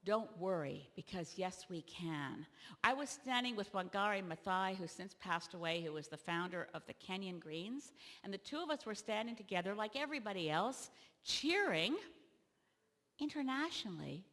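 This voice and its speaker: A woman from Canada, a party leader, giving an animated convention keynote speech that rises to loud emphatic peaks. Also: medium pitch, moderate pace. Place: large convention hall. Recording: long reverb of a large hall.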